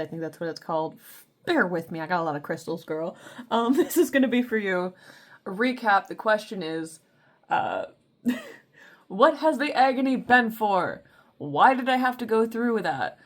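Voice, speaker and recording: Playful chatty woman tarot reader. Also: mid-range voice. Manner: playful, chatty, calls listeners baby. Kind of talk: casual spiritual reading.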